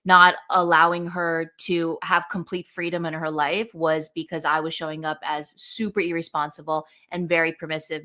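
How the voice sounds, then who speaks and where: Podcast host: woman, bright forceful tone, emphatic and chatty. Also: deep voice. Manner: emphatic, animated, filler-heavy. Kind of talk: conversational podcast chat.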